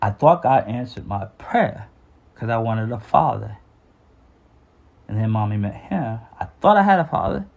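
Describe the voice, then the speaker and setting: A man's voice: lowish voice, lively intonation, normal speed, vocal fry, lo-fi sound. A man telling a candid personal story about his childhood, with frequent restarts and some swearing.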